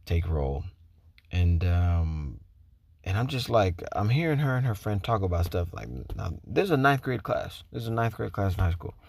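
A man who works as a teacher, telling a story casually, with profanity and animated quoted voices. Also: deep voice, moderate pace, gravelly.

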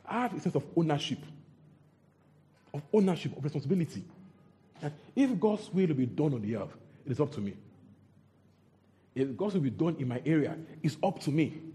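A man's voice: fairly high pitch, expressive, a little fast, long pauses, dark tone. A man preaching a sermon, repeating phrases and quizzing the congregation.

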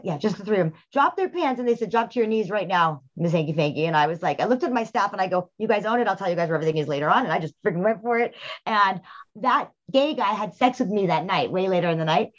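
A woman hosting a podcast, telling frank, animated stories in casual chat with bursts of laughter. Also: mid-range voice, fast. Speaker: podcast host. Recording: dull lo-fi sound.

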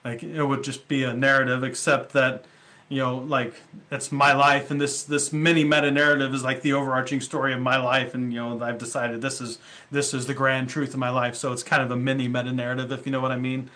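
A man's voice: medium pitch, little pitch movement, brisk, bright, forceful tone. A male pastor preaching a sermon in a conversational way, with rhetorical questions and casual asides.

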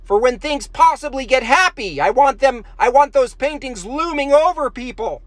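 A man streaming as he draws, talking in a rambling way with deadpan jokes and trailing fillers. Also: very high voice, normal speed, no room sound. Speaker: artist streaming while drawing. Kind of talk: casual rambling stream chat.

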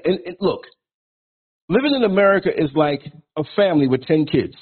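A man's voice: a little high, big pitch swings, a little fast, slightly rough. A man in his sixties hosting a podcast, delivering a blunt, provocative, preachy rant. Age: 60s. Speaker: podcast host. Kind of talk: ranting monologue. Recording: tinny phone-like line.

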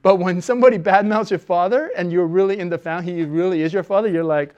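Man, pastor, high voice, sermon, conversational, loud emphatic stretches, soft low asides. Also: quick pace, hardly any pauses, lo-fi sound. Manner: conversational, with fillers and self-corrections.

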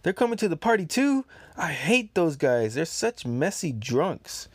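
A man voicing a shrill, excitable male pirate officer in a squeaky whining put-on voice, reading a comic aloud. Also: measured pace, husky, no room sound, exaggerated voice. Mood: whiny.

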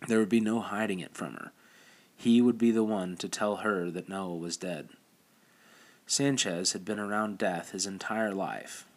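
Low-voiced man reading a novel aloud. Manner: steady, measured reading with small restarts. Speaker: audiobook narrator. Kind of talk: scripted narration.

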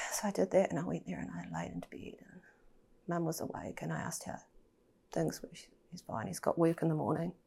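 A woman's voice: lowish voice, steady tone, a little fast, creaky, mellow, slightly rough. A woman telling a personal story as a podcast guest, candid and emotional, swearing and sometimes dropping to a near-whisper.

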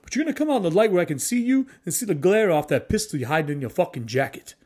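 A man's voice: sits high, big pitch swings, rapid-fire, a little mellow, husky, voice pushed up, exaggerated voice. A man voicing a big, broad-shouldered tough guy who squares up and threatens someone hiding in an alley. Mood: menacing.

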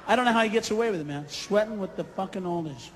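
A man doing a stand-up comedy routine, ranting and swearing, breaking into shouted impressions. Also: fast. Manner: profane, ranting, shouts into high-pitched impressions. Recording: live hall with audience, faint crowd noise.

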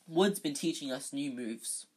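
An amateur reader voicing an earnest young teenage boy who gives quick, guarded replies. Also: medium pitch, expressive, breathy edge, poor audio.

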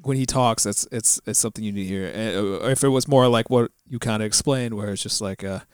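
A man co-hosting a podcast, chatting casually with joking, animated asides. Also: on the low side, brisk, smooth, dry recording, clean studio sound. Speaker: podcast co-host. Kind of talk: casual chat.

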